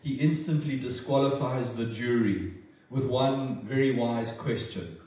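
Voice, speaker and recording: A man's voice: mid-range voice, unhurried, darkish tone. A man preaching a sermon in an earnest, emotional way, often restarting his words. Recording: roomy distant sound.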